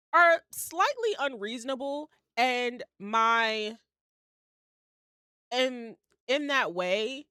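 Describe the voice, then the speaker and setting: A woman's voice: on the high side, pushed and bright, no room sound, clean studio sound. A young woman hosting her own podcast in casual solo chat, blunt and candid, laughing at herself as she talks. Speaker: podcast host. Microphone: home setup on shaky wifi.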